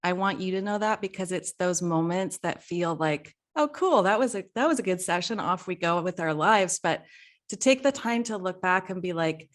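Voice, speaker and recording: A middle-aged woman hosting a podcast, talking in a casual, heartfelt way, emotional and quick to laugh. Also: fairly low pitch. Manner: warm, emotional, laughs often. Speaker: podcast host.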